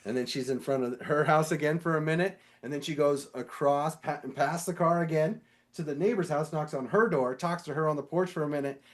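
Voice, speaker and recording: A man casually telling a story on a podcast, animated and swearing, acting out the voices of the people in it. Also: a little high, brisk, few pauses. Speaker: podcast co-host; sewer inspector.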